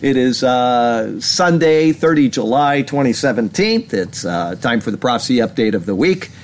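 A man's voice: medium pitch, animated, moderate pace. A man from the United States hosting a weekly religious prophecy update, rambling with many fillers and self-corrections as he reads news. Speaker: host of a weekly prophecy show. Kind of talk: casual scripted commentary, reading news.

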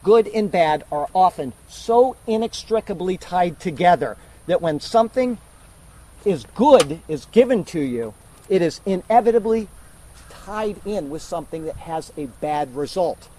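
Man preaching an emphatic, mellow sermon. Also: sits high, animated, measured pace, slight background noise, low-quality recording. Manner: emphatic, teaching verse by verse. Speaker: pastor.

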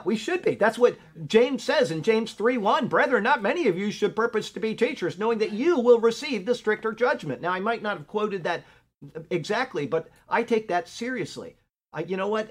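An older man teaching a Bible class in an earnest, conversational way, often checking in with his listeners. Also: sits high. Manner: conversational, earnest, frequent "okay?" check-ins.

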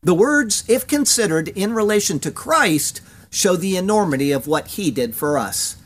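A Bible teacher delivering a verse-by-verse commentary in a measured, deliberate cadence. He leans on key words for emphasis and carefully sounds out Hebrew phrases between the scripture readings. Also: medium pitch, expressive.

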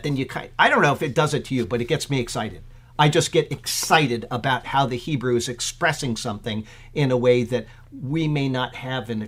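Chatty man teaching Bible commentary. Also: mid-range voice. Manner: conversational, many fillers, grows excited.

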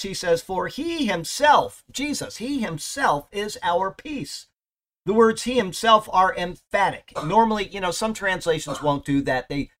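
A man with a fairly high voice delivers a relaxed Bible study sermon. He talks conversationally, leaning into key words when he reads scripture, and jokes with his listeners between verses. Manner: conversational, reads scripture aloud with emphatic rises. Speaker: pastor.

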